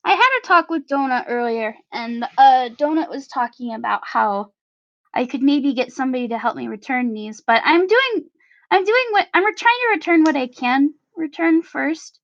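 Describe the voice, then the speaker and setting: A woman's voice: fairly high pitch, lively intonation, slow pace, long pauses, no echo. A woman voicing a timid, worried young woman who speaks hesitantly, trailing off in hums. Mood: sheepish. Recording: slightly muffled recording.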